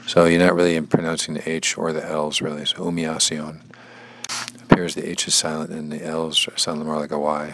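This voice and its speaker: Very low-voiced man reading and explaining. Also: completely flat delivery, normal speed, fairly bright tone, slight background noise, rough recording. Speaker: bible study teacher and language learner. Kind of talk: reading a devotional text aloud and explaining it.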